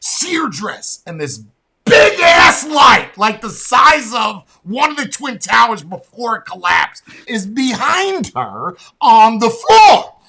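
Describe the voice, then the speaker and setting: A man rants on a casual podcast, blunt and profane. His voice is bright and husky, and his pitch swings widely as he tells the story with animation. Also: huge pitch swings, slow, few pauses. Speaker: podcast host.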